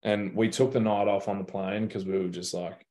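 Aussie guy, low voice, pretty monotone, chill and sweary. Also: moderate pace. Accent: Australian. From Australia. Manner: laid-back, swears freely, slangy. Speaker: guest basketball player. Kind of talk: casual interview storytelling.

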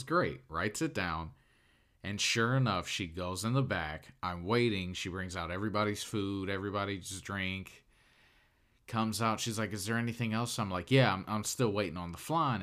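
A man's voice: fairly low pitch, a bit bright. Laughing, casual young man telling a story. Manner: laughs often, swears, lots of "like". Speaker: podcast storyteller. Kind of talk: casual personal anecdote.

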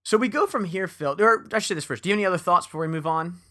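An enthusiastic man co-hosts a book chat. His voice is bright and lively, and he stumbles over his words when he is excited. He slows down to a steady pace when he reads from the book. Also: sits high. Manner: enthusiastic, many restarts. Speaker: podcast co-host. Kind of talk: casual book discussion and reading aloud.

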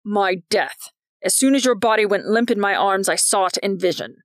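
A woman voicing a stern older male vice principal who speaks in a grave, self-important way, with a gravelly tone. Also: mid-range voice, animated, normal speed, no room sound, clean studio sound, natural voice. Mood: portentous.

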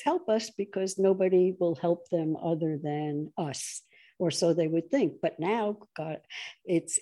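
A woman in a political conversation, talking animatedly and mocking opponents with shrill put-on voices. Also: a little mellow.

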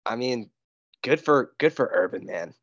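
Relaxed young male co-host, slightly muffled dry recording. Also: mid-range voice, a little slow, no room sound. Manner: laid-back, laughing, drifts quieter. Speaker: podcast co-host. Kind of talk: casual podcast banter.

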